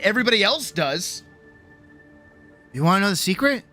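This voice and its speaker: A woman streamer talking loosely to her chat, swearing freely and rambling through a pep talk. Her voice is bright and lively, jumping up and down in pitch, with soft music underneath. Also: normal speed, pauses often. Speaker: streamer and artist. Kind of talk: casual livestream chat.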